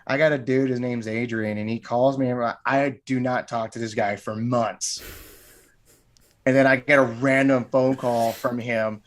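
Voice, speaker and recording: A man's voice: medium pitch, fairly even intonation, moderate pace. A middle-aged man, a martial arts gym owner and podcast guest, talking casually and rambling, often repeating words and restarting.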